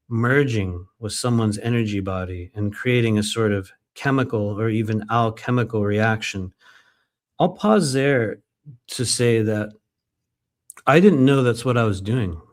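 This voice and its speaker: A man reading aloud from his own book during a live stream, breaking off often into loose, conversational asides with plenty of fillers. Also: medium pitch. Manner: conversational and digressive, many fillers.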